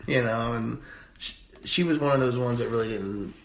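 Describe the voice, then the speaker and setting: A man in his thirties telling a long story in casual chat, rambling and profane, with sudden high-pitched bursts when he mimics others. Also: moderate pace, creaky. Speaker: podcast co-host. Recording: echoey room with faint noise.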